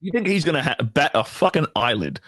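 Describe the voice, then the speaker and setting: A man's voice: fairly high pitch, sing-song, fairly quick, fairly bright tone, no echo. A man co-hosting a casual chat, talking frankly with lots of swearing and hedging. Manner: frank, profane, hedging with fillers.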